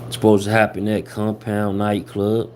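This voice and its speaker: A man's voice: fairly low pitch, completely flat delivery, normal speed, darkish tone, a little hiss or hum. A man hosting a casual livestream, talking loosely with lots of slang and fillers. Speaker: host of a hip-hop gossip livestream.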